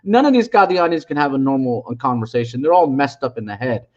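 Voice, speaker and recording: A channel host in his forties rambles fast through a retelling of an online argument, trash-talking and mocking along the way. His medium-pitched voice is expressive and a little mellow, and this casual storytelling monologue comes through in dull lo-fi audio.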